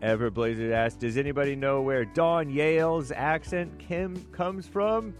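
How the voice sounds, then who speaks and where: A man's voice: a little high, a little slow, soft background music. An American man co-hosting a live talk show, reading viewer messages and headlines with offhand comments and frequent chuckles. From United States.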